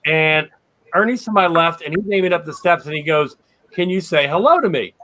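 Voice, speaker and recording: A man co-hosting a podcast, telling stories in a lively way and acting out the dialogue. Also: a little high, a little fast. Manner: lively storyteller, acts out dialogue. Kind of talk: casual storytelling.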